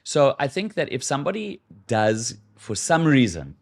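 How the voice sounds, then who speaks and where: A man's voice: mid-range voice, very animated, moderate pace, gravelly. A man talking as a guest on a podcast, explaining ideas at length and acting out example phrases. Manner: explanatory, restarts and acts out sample lines. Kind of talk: casual podcast chat.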